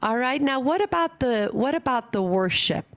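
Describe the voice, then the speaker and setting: A woman's voice: sits high, normal speed. Earnest woman giving a parenting talk. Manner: earnest, animated, acts out parents and kids. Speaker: parenting speaker.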